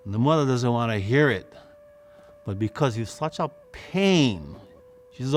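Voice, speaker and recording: A man's voice: mid-range voice, lively intonation, moderate pace, a little hiss or hum. A man with a Hawaiian Pidgin accent telling a legend dramatically, with emphatic repetition. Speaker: teacher storyteller. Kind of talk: oral storytelling. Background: instrumental music.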